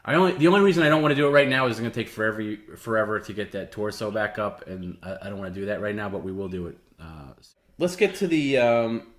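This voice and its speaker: A man's voice: on the low side, animated, fast, echoey room. A man hosting a live stream, patiently explaining the rules of a challenge in a casual way. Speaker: stream host.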